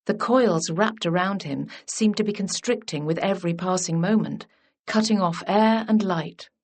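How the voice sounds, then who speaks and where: A woman reading a historical romance as scripted narration in an even, measured way. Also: medium pitch. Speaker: audiobook narrator.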